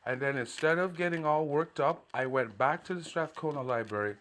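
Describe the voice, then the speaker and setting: A man's voice: a little high, fairly quick, fairly bright tone. Aggrieved man recounting a grievance. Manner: aggrieved, recounting events at length; dismissive filler repeats. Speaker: citizen filing a complaint. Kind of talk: recorded personal complaint monologue.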